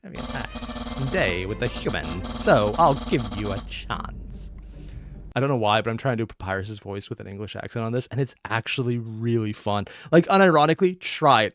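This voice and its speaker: A man hosting a reaction video, giving casual commentary in an excited, laugh-prone way. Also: medium pitch, no room sound. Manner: animated, laughs often, excited.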